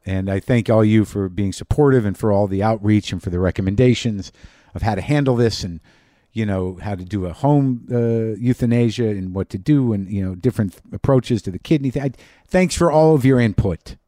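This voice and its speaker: A middle-aged man, a podcast host, telling a personal story in a halting monologue full of restarts and fillers. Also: fairly low pitch, mellow, no echo, clean studio sound.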